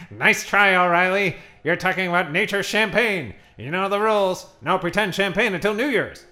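A man's voice: sits high, expressive, bright, forceful tone. A man playing a gleeful, miserly rich tycoon in a comic radio play. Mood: cheery. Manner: gleeful, chirpy, quick to laugh. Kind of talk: comedy radio-play acting.

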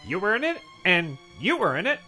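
A man's voice: sits high, huge pitch swings, brisk, sharp tone, slightly rough, faint music behind, heavily acted. A man voicing a cheery, wealthy, miserly politician cast as Scrooge, eager and a little pompous. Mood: chipper. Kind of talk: radio comedy sketch.

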